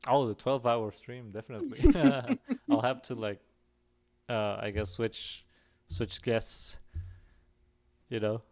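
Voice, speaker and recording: A man hosting a casual stream chat, joking and laughing often, with halting restarts. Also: medium pitch, lively intonation, darkish tone. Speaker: stream host.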